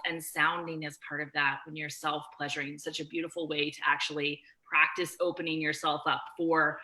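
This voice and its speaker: A woman host chatting casually, warm and affirming toward her guest. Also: fairly low pitch, low-quality recording. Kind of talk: casual chat.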